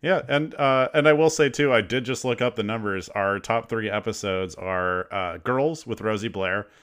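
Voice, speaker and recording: A man's voice: fairly low pitch, moderate pace, a bit bright. A man co-hosting a podcast in casual chat, joking and restarting his sentences. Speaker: podcast co-host.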